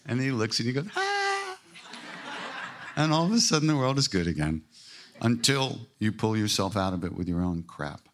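Lower-voiced man giving an earthy spiritual talk. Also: lively intonation, fairly quick, noisy background. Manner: earthy, joking, emphatic. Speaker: spiritual teacher. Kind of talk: informal dharma talk.

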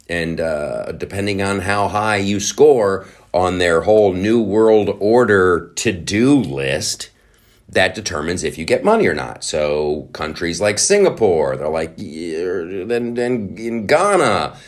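A man hosting a podcast, ranting in sarcastic, animated commentary with swearing and quick mock voices. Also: low-pitched. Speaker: podcast host.

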